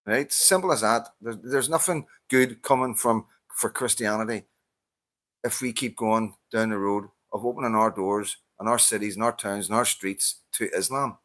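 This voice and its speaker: A man's voice: fairly low pitch, normal speed, fairly bright tone, no room sound. A man with a Northern Irish accent, talking to camera in a heated, casual monologue as he answers a viewer, swearing often and stumbling over repeated restarts. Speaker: vlogger answering a viewer's comment.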